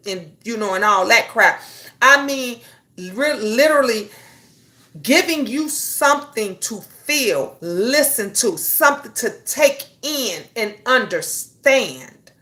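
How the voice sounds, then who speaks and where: A woman with a high-pitched voice hosts a casual live stream, greeting viewers by name between points. Her delivery is blunt and emphatic, like a sermon, and she swears freely. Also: sharp tone. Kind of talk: casual live-stream talk reading chat.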